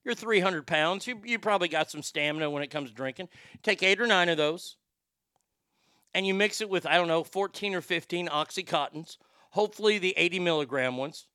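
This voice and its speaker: Bright crude-talking male host. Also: high-pitched, fairly quick, clear, resonant tone, no echo, clean studio sound. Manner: crude, rambling, stammers and repeats words. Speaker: show host. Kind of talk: profane comedic rant.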